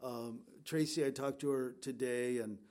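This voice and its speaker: A man's voice: mid-range voice, fairly even intonation, moderate pace, a little mellow. A middle-aged man pastor speaking to his congregation in a conversational, storytelling way, with fillers and restarts. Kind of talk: sermon.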